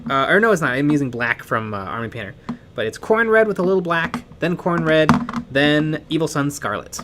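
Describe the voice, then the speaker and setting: A man's voice: fairly high pitch, fairly quick, noisy background. A man co-hosting a live miniature painting stream, chatting casually, reading viewer comments and laughing often. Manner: excitable, laughs often, trails off.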